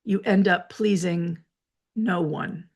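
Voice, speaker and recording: A woman hosting a reflective solo talk from her office, explaining ideas in a measured, lecturing way with personal asides. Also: fairly low pitch, fairly even intonation, darkish tone, husky. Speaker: host.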